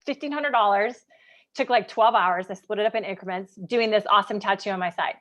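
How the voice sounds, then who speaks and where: A woman in her thirties from Kansas, chatting animatedly on a livestream, full of "like" and quick asides as she tells a personal story. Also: medium pitch, fairly bright tone. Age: 30s. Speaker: business coach.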